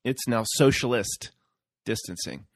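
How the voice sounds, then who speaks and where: Gravelly-voiced man rambling to camera. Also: mid-range voice, expressive, a little slow, dry recording, studio quality. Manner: rambling, with frequent restarts and fillers. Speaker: YouTube channel host. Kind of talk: casual solo monologue.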